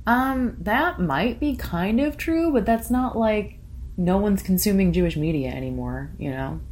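A worn-out woman hosting her own show, talking in a halting way with nervous laughs, close to tears. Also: mid-range voice, animated, darkish tone, slight background noise. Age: young adult to middle-aged parent. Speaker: podcast host. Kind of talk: casual solo commentary reading listener comments.

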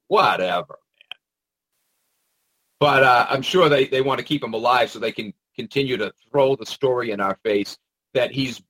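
Full of mockery and hesitation, a man's rambling, sarcastic commentary unfolds in a voice on the low side, a bit bright and breathy. The recording is rough, though there is no room sound.

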